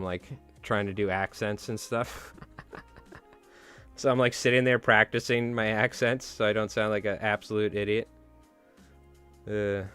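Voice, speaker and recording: A man's voice: lowish voice, a bit bright, smooth. A man chatting casually on a live stream while tying flies, rambling and joking at his own expense. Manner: rambling, self-mocking, joking.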